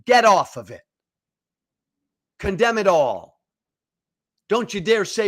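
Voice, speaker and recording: A man's voice: sits high, very animated, slow pace, long pauses, a bit bright. A middle-aged man hosting a political commentary show, speaking emphatically, with repeated phrases and stammered restarts. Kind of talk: direct-to-camera political commentary.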